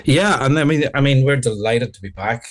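A man's voice: mid-range voice, fairly quick. A man with a Northern Irish accent, an actor being interviewed, talking chattily with many fillers and restarts. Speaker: actor guest. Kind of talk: radio interview chat.

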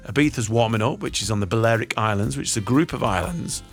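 Lively, jokey male radio host. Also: lowish voice, quick pace, faint music behind. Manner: jokey and self-mocking. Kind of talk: chatty radio banter. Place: radio studio.

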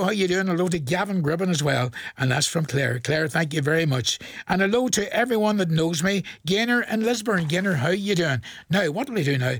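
A man in his forties with a Northern Irish accent hosts a local radio request show. His voice sits high and he chats along and chuckles between the greetings. The sound is dry and close-miked. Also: gravelly, breathy edge, no room sound. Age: 40s. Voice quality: chatty, jokey, chuckles often. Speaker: radio presenter.

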